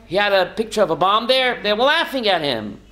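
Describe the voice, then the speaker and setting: Bright high-voiced rabbi teaching a class. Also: male voice, very animated, fairly quick. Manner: quizzes listeners by name with questions; folksy, jokey asides.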